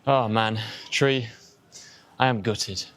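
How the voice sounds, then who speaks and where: A man's voice: lowish voice, fairly even intonation, slow, a bit bright. A young man with an English accent, giving a chatty vlog-style English lesson and explaining words with examples. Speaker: English teacher.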